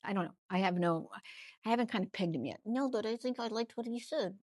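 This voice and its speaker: A woman hosting a casual reality-TV gossip recap, chatty and animated, often trailing off and restarting her thoughts. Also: medium pitch, fast talker, no echo. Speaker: ventriloquist host.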